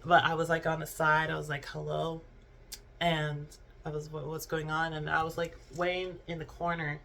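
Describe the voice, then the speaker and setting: A young adult vlogger telling a personal story in a halting, subdued way, with many restarts and fillers. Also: medium pitch, level tone, bright, forceful tone, a little hiss or hum. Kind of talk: unscripted storytime monologue.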